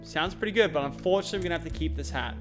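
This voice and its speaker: A young man with an Australian accent giving excitable let's-play commentary, shouting and groaning at the game and talking to himself. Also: fairly high pitch, very fast, faint music behind. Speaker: gaming channel host.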